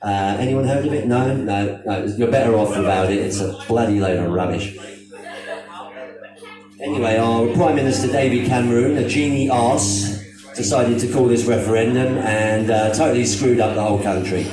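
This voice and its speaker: A man's voice: medium pitch, normal speed. A British man doing live stand-up comedy on stage in a put-on Australian accent, rambling, self-mocking and swearing freely. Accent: mock Australian over British. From Britain. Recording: very echoey, distant from the mic, music behind.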